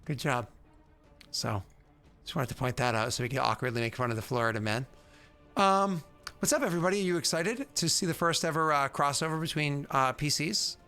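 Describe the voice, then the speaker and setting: Bright-voiced man running a tabletop game. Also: a little high, lively intonation, brisk, clear, resonant tone, soft background music. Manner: rambling and teasing, many fillers. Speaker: game master.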